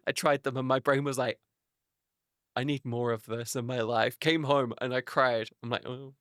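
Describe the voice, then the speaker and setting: A male streamer talks loosely to his chat, rambling from one thought to the next and dropping casual swears. His voice is bright and forceful, and it sits close and dry on a desk mic, with no room sound around it. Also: medium pitch, steady tone, normal speed, dry recording.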